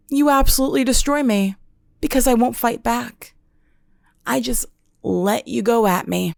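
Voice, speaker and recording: A young adult woman hosting a podcast, telling a comedic monologue with deadpan, dramatic exaggeration. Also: a little high, creaky, dry recording, studio quality. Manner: deadpan, dramatic storytelling with self-mocking exaggeration. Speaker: podcast host.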